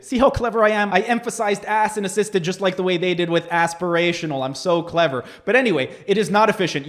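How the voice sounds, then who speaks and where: A man with a fairly high voice reviews workout footage as a health coach. He lectures point by point and turns sarcastic about the claims he is picking apart. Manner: sarcastic, lecturing, explaining definitions. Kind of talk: critical video review commentary.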